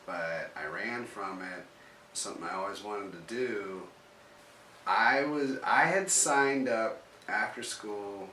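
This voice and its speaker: A man with a lowish, bright voice tells a personal story in a loose, rambling way. He keeps stopping to restart his sentences and fills the gaps with "like." He sits a little away from the mic in a roomy, echoing space with a faint hiss underneath. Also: slow pace. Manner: rambling, full of "like" fillers and restarts. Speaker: interviewee telling his story. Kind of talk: casual storytelling. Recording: roomy echo, mic at a distance.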